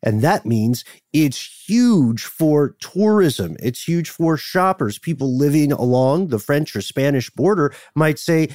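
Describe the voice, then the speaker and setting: A man's voice: a little high, takes it slowly, hardly any pauses, no room sound, studio quality. A man co-hosting a podcast who chats casually, jokes around and laughs easily. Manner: jokey, animated, laughs often. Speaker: podcast co-host. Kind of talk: casual chat.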